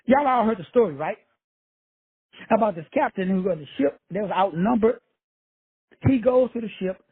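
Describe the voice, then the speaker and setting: Host type: high, very raspy male voice, blunt and profane motivational talk, dry tinny phone-line sound. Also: expressive, moderate pace, no room sound. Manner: blunt, profane, streetwise preaching. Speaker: motivational speaker, show host. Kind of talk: casual motivational monologue.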